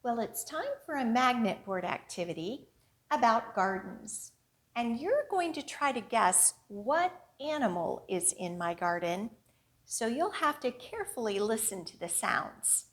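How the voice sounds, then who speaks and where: A woman librarian reads to small children in a slow, sing-song storyteller voice. Her voice sits a little high and swoops lively up and down as she leans into each line.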